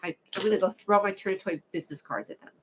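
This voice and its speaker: A woman's voice: mid-range voice, quick pace, background noise. A woman hosting a casual livestream chat, rambling playfully and answering viewers' comments. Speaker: livestream host. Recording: lo-fi, dull sound.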